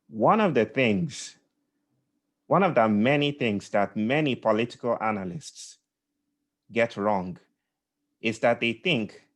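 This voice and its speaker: A man voicing a calm, dignified old male statesman who speaks in a slow, measured way. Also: lowish voice. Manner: slow, measured, grave delivery.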